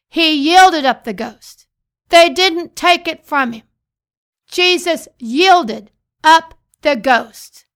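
A woman's voice: high-pitched, fairly bright tone. A woman pastor preaching a sermon, reading scripture and repeating phrases for emphasis.

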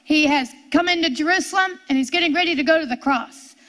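A woman teaching a sermon, reading scripture aloud and repeating key lines with slow, drawn-out emphasis. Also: high-pitched, fairly bright tone. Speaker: Bible teacher.

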